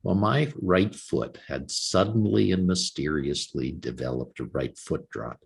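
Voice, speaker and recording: Gravelly, lively older man telling a story. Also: very deep voice, measured pace. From Canada. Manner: animated storyteller acting out quoted dialogue. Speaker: guest author. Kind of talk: storytelling in an interview.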